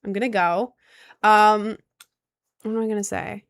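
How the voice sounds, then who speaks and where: A young adult woman livestreaming in a casual, rambling chat, giving frank and animated advice with many fillers. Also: mid-range voice, a little slow, no echo. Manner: chatty and rambling, heavy on filler words.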